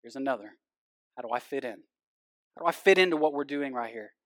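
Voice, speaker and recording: A male pastor giving a sermon, swinging from loud emphasis down to hushed, intense passages. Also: mid-range voice, expressive, brisk, no echo, studio quality.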